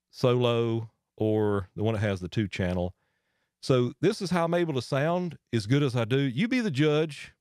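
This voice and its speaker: Brief: man, lowish voice, dry close studio mic, easygoing gear-demo host. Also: no echo. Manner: relaxed, folksy explaining with asides. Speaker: audio gear tutorial host. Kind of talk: casual hands-on equipment demo. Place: home studio with air handler running. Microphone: dynamic studio mic through a voice processor.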